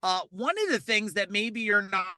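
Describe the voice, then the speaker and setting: A man leading a live online coaching session from a parking lot, talking fast and energetically, repeating key points and asking listeners to type replies. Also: high voice, expressive, sharp tone, clean tone, no echo. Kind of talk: live motivational webinar coaching.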